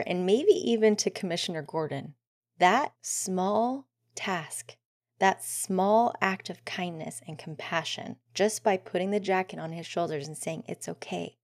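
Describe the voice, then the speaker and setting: A woman hosting a solo podcast, talking earnestly and often dropping into soft near-whispers. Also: mid-range voice, no echo, studio quality. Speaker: podcast host.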